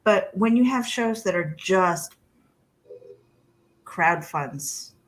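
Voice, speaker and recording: Female co-host on a remote call, slow talker, hesitant and self-deprecating. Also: mid-range voice, animated. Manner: unsure, trails off, self-deprecating. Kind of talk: casual panel chat.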